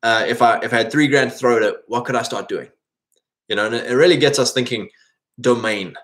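A man's voice: mid-range voice, fairly quick, fairly bright tone. Earnest rambling man, faith talk. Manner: earnest, rambling, many restarts and fillers. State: voice strained, coughing and clearing throat. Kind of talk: faith-based men's motivational talk.

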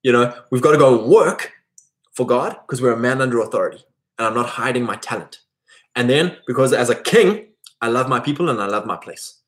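A man's voice: mid-range voice, lively intonation, a little fast, a bit bright. Emphatic man giving a faith pep talk. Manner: emphatic, conversational, many fillers. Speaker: host of a men's faith podcast.

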